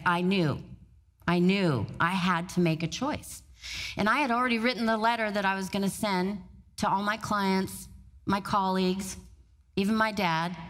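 A middle-aged woman giving a motivational talk on stage, storytelling in an animated way and laughing often. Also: mid-range voice. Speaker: motivational speaker.

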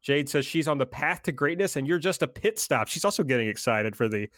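A man's voice: fairly high pitch, animated, a little fast, fairly bright tone, no room sound, studio quality. A man in casual podcast chat, running through recaps steadily. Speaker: podcast co-host recapping the show.

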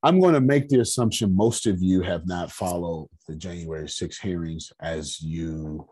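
A man with a raspy voice hosting a casual group discussion, speaking in a measured, emphatic cadence. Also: low-pitched, mellow. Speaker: host.

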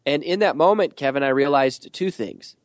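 Animated man telling a story, dry close sound. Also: a little high, no echo. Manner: animated storyteller, lists in quick rhythmic pairs. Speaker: podcast guest, author and speaker. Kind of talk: storytelling interview answers.

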